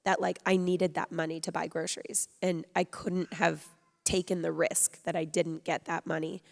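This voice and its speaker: A woman speaking on a panel in a low, relaxed, conversational way. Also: vocal fry. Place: theatre stage. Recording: long hall reverb.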